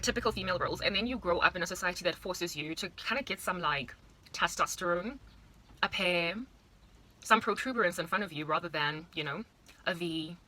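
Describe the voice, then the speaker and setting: A woman's voice: fairly low pitch, sharp tone, slight background noise. A South African woman in her thirties, rambling playfully through a casual monologue with exaggerated asides. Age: 30s. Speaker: vlogger.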